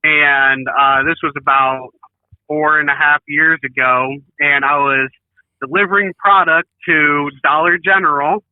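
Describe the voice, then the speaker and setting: A man's voice: a little high, steady tone, measured pace, dry recording. A man who drives trucks, plainly recounting an earlier job. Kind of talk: casual storytelling. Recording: tinny phone-like line.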